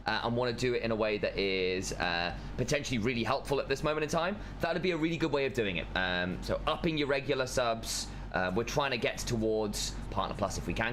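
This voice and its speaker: Male co-host, lively pitch, casual stream talk, noisy backdrop. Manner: animated, jokey, pitching channel support. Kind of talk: casual live stream chat.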